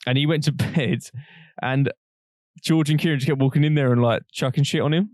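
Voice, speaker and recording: A young man, co-hosting a podcast and telling rambling, animated stories while laughing often. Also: fairly high pitch, brisk, no room sound, studio quality. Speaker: podcast co-host. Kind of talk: casual storytelling chat.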